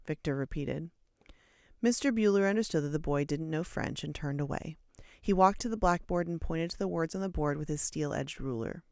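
An audiobook reader narrating a short story in a steady, measured way. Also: mid-range voice, gravelly, no echo, studio quality. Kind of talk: storybook narration read aloud.

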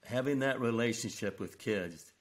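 An older man, a retired school principal, telling stories from his career in an earnest, unhurried way during an interview. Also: medium pitch. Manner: slow, earnest storytelling with quoted dialogue. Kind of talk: storytelling interview.

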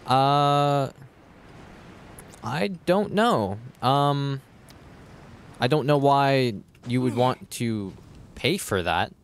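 A mid-range male voice with fairly even intonation and drawn-out words comes through in a clean tone. He's chatting casually on a game livestream, distracted by settings he keeps fixing while saying "hold on," cursing and talking to chat.

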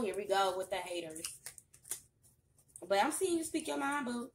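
A young woman giving a casual tarot reading, chatty and sassy with loud bursts of excitement. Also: mid-range voice, moderate pace, a little hiss or hum. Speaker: tarot reader.

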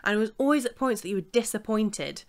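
A woman's voice: mid-range voice, animated, fast talker. A woman co-hosting a casual chat, talking in a hesitant way with fillers. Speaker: podcast co-host.

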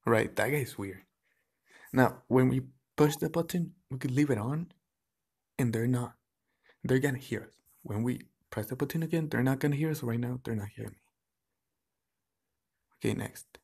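A man's voice: medium pitch, normal speed, gravelly, pauses often, darkish tone, husky. A man chatting casually to his viewers in a vlog, rambling offhand with plenty of "like" and "so yeah". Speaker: vlogger.

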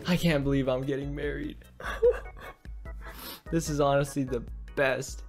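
A young man narrating his own Minecraft role-play, excitable and quick to exclaim, repeating himself as he reacts. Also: mid-range voice, soft background music.

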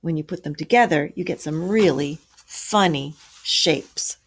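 A woman's voice: deep voice, unhurried, slightly rough. A woman reading as a lecturing grandpa. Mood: explaining. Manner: lecturing, explanatory. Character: patient old grandfather who loves explaining science.

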